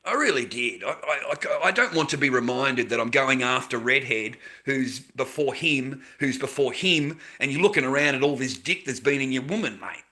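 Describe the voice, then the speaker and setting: A man tells a profane story in blunt, blokey chat. He keeps calling the listener mate and bro. His voice is bright and sharp, at an ordinary pitch for a man. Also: lively intonation, normal speed, hardly any pauses. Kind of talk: casual crude storytelling.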